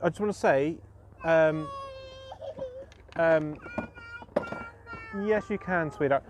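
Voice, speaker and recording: A man's voice: fairly high pitch, takes it slowly, muffled recording, background noise. A man chatting casually on his fishing live stream as host, self-mocking and full of fillers and restarts.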